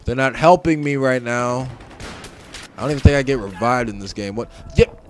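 A man giving casual gameplay commentary, joking and trash talking, swinging between shouts and mutters. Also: medium pitch, moderate pace, slight background noise. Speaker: gaming commentator. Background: game gunfire and explosions.

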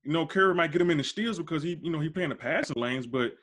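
This podcast host's voice runs high and fairly bright as he argues basketball at a quick pace. Casual and slangy, he insists on his views, and his voice jumps up when he drives a point home.

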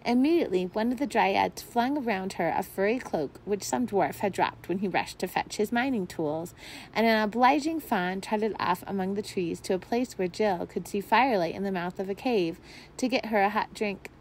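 A woman reading a children's chapter book aloud, expressive and gentle with an occasional slip. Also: mid-range voice, normal speed, slight background noise, rough recording. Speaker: volunteer reader. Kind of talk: storytime read-aloud.

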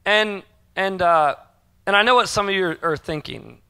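Bright, high-voiced man preaching a sermon. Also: lively intonation, moderate pace, vocal fry, clean tone. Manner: conversational preaching, acts out quoted inner voices. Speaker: pastor.

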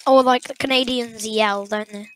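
A British woman chatting in a loose, rambling way, her voice a little high. She talks playfully and casually, co-hosting the recording. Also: fairly even intonation, normal speed, slight background noise, low-quality recording. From Britain. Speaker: co-host. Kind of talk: casual chat.

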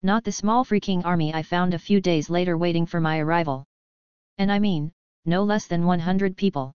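A woman narrating a novel in a steady, even storytelling voice, in a dry, dull lo-fi recording. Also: lowish voice, normal speed, smooth, no echo. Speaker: audiobook narrator.

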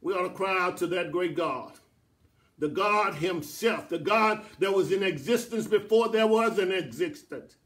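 A man preaching a sermon as pastor in a church, building to shouted, repeated lines. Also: high-pitched, unhurried.

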